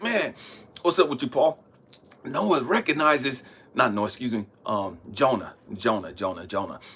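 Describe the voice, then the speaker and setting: A middle-aged man hosting a spiritual channel, giving a raw, profane monologue that swings between shouting and hushed tones. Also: a little high, slightly rough. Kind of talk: impassioned spoken monologue.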